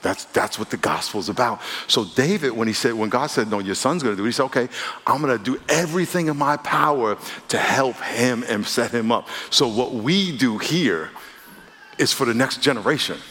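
A man preaching a sermon as pastor, lively and emphatic, moving from loud declarations to quiet asides. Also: medium pitch, moderate pace. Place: church sanctuary. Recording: reverberant church hall.

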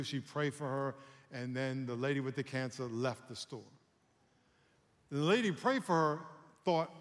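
Animated preacher man in a reverberant hall. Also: a little high, a little fast. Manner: animated preaching, calls for audience responses. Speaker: pastor. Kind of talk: sermon.

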